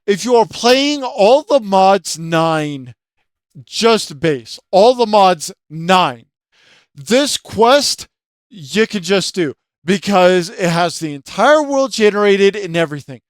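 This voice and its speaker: A man's voice: high voice, big pitch swings, slow pace, no room sound, clean studio sound. A man hosting his own channel, ranting about a video game in a profane, rambling way full of filler words, trying to keep his voice down late at night. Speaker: channel host.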